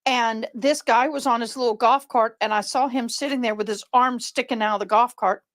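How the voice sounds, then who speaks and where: Animated storytelling woman on a video call. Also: fairly high pitch, brisk. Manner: animated storyteller who acts out quoted people. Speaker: live-stream co-host. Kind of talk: casual video chat. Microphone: video call webcam.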